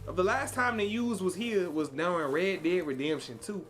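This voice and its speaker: A man's voice: high voice, moderate pace, a bit bright, faint music behind. A man from Chicago live-streaming a game and chatting with viewers in a playful put-on Southern cowboy drawl. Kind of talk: live gameplay stream chat.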